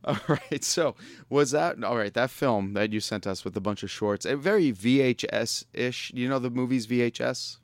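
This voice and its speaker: A man's voice: medium pitch, moderate pace, no room sound. A man hosting a podcast in casual interview chat, joking and laughing often as he rambles. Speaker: podcast host.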